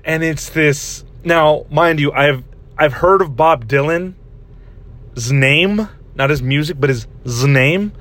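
A man's voice: on the high side, slow pace, a bit bright. A young man telling a rambling story in a casual podcast chat, laughing often and saying "dude" a lot. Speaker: podcast host.

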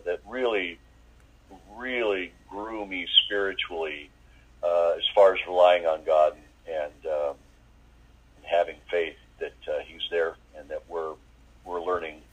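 A man giving a personal faith testimony as an interviewee, talking in a halting way with many fillers and restarts. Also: low-pitched, steady tone, husky, lo-fi sound.

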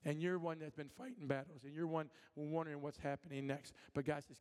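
A man's voice: on the high side, fairly quick, hardly any pauses, darkish tone. A man from Michigan preaching as a guest speaker, telling personal stories with acted-out voices and many restarts, then ministering directly to people in the congregation. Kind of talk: sermon with storytelling and prophetic ministry. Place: church sanctuary. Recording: long hall reverb.

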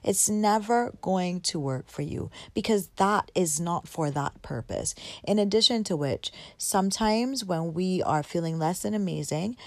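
A woman giving a casual motivational talk, animated and emphatic, repeating words for effect. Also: fairly low pitch, a little slow, hardly any pauses, dry recording. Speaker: motivational vlogger.

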